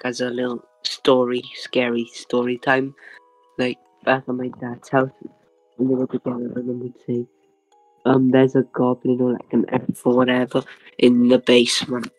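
A man's voice: mid-range voice, monotone, normal speed, soft background music, low-quality recording. A young man telling a story from childhood in a hesitant way, full of fillers and little laughs. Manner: hesitant, filler-heavy, laughs between phrases. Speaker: guest. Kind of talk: casual storytelling.

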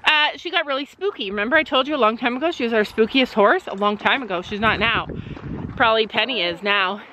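A woman's voice: a little high, quick pace, pushed and bright, slight background noise. An older woman, a grandmother, chatting casually in a vlog while walking around her farm, switching into baby talk for a toddler and the animals. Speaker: vlogger. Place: outdoors at a farm and barn.

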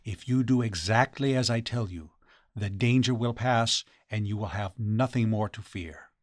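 A man voicing a stern Buddhist priest in an audiobook, giving measured, solemn warnings. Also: fairly low pitch, no echo, studio quality, lightly acted.

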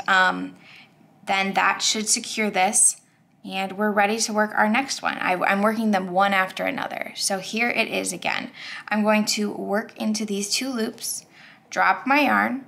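A woman walks through a crochet project step by step, chatty and upbeat, thinking aloud as she works. Her voice sits at a middling pitch with a noticeable gravelly fry. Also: fairly bright tone. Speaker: crochet tutorial host. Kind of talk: step-by-step craft tutorial.

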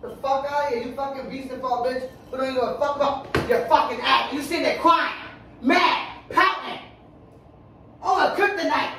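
A woman's voice: sits high, moderate pace, fairly bright tone, slight background noise. A woman on a couple vlog, scolding her boyfriend at home with a heated, profane, bossy manner. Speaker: vlogger girlfriend. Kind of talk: casual couple prank video. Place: home living room, on a couch. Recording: roomy echo, distant mic.

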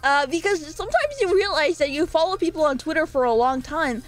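High-voiced giggly young woman streamer. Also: animated, a little fast, faint music behind. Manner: giggly, playful, rambling. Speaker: live streamer. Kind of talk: casual live-stream chat. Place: her own room.

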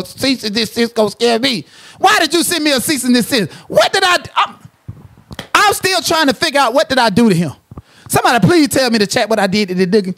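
Extremely high-pitched and a bit bright, this man's voice carries a profane, confrontational livestream rant. He hosts the commentary channel, trash-talks freely, and occasionally lapses into sing-song asides.

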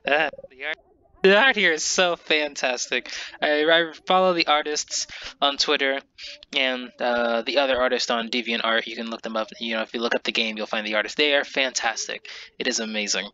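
Sniffly man doing halting game commentary. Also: mid-range voice, fairly even intonation, sharp tone, highs cut off. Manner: halting, stumbling reading with restarts. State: sniffly, runny nose. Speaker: gamer doing a let's play. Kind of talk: casual game commentary, reading dialogue aloud.

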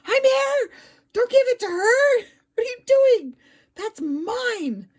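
Woman voicing a possessive male house cat, whiny, insistent, lively swoops. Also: very high voice, slow pace, voice pushed up, full character voice. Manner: insistent, whining over food.

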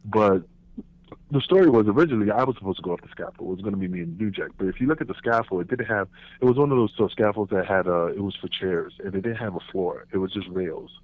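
A man, a former pro wrestler, telling backstage stories in a casual interview, animated and profane, acting out what others said. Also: on the low side, quick pace, no room sound. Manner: animated, profane, acts out quotes in raised voices. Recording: tinny phone line, dry.

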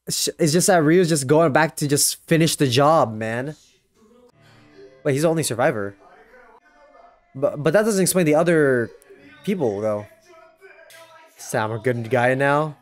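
A young man hosting a casual anime reaction, slangy and swearing, with sudden excited yelps. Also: on the high side, unhurried, pauses often, faint music behind.

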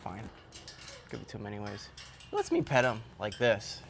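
A man casually vlogging outdoors as he tends his birds, loose and slangy, breaking into a high cooing voice when he talks to them. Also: expressive, moderate pace, creaky, very noisy. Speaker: vlogger, bird keeper. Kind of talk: casual vlog chat. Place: outdoor backyard cage area.

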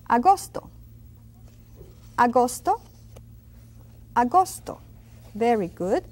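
A middle-aged woman teaching a language lesson, repeating each word slowly and clearly for students. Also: medium pitch, dark tone. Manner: slow, drawn-out repetition of words for students. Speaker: Spanish teacher.

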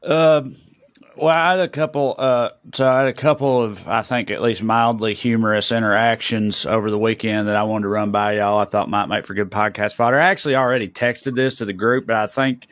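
A man with a Southern US accent, a comedian co-hosting a podcast and telling a story in casual chat, animated and jumping high when he gets indignant. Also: brisk, no echo. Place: podcast studio.

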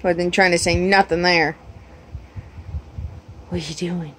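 A woman's voice: fairly low pitch, steady tone, slow, a bit bright. A woman at home talking to her pets in a teasing, sing-song baby-talk voice. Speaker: pet owner filming her animals. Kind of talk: casual pet talk.

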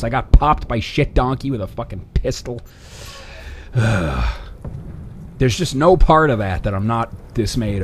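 A young man giving casual, sarcastic commentary over his own shooter gameplay, swearing and breaking into excited outbursts. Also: medium pitch, a little hiss or hum.

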